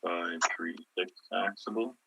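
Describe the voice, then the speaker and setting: A man's voice: sits low, steady tone, measured pace, gravelly, bright, forceful tone, a little hiss or hum, rough recording. A man on a board, asking precise, matter-of-fact questions at a hearing. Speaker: board member.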